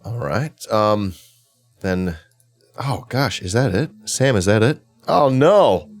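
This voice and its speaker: Chatty host with a low voice. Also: male voice, slow pace, soft background music. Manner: upbeat, chatty, stumbles and repeats words. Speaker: interview show host. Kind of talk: casual interview chat.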